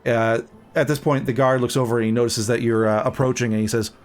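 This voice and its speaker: A man at a middle pitch running a tabletop game as game master. He narrates in a relaxed, hesitant way, leaning on fillers while he describes the scene. His voice sits at an ordinary height for a man. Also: fast talker.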